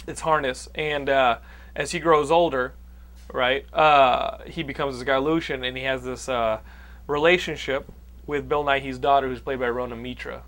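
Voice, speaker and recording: A man's voice: medium pitch, fairly even intonation, normal speed, fairly bright tone. A man hosting a podcast, recapping a movie plot in casual chat with many restarts. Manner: rambling, restarts a lot. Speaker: podcast host.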